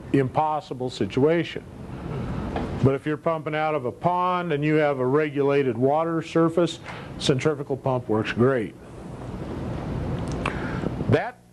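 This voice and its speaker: A man gives a classroom lecture in a plain, explanatory way, pausing now and then to check that his listeners follow. His voice sits a little high for a man, and there is a steady, clearly audible noise behind him. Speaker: instructor.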